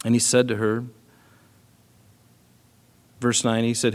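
A man preaching a sermon in an earnest, conversational way, often filling pauses with "you know". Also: mid-range voice, flat delivery. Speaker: pastor.

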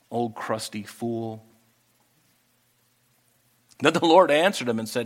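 A man preaching a sermon, who swings from loud, emphatic scripture reading to quiet, intimate asides. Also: medium pitch, slow pace, long pauses. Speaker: pastor.

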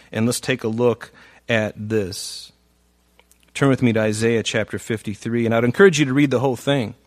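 Man, pastor, sermon, reads scripture aloud, soft asides and loud emphatic phrases, dry close sound. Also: medium pitch, no room sound.

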